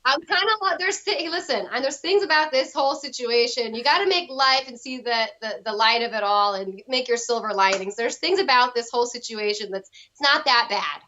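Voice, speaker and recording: A woman's voice: a little high, fairly quick, few pauses, bright, forceful tone. A woman guest from Southern California chatting on a video call, friendly and upbeat. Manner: friendly, upbeat, a few restarts. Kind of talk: casual video call chat. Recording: slightly muffled video call audio.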